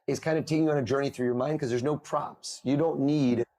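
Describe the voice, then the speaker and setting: Podcast guest, male, energetic storyteller, mid pitch, plays out the quotes. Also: fast. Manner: animated storyteller, acts out quoted voices. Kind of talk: conversational storytelling. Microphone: remote call.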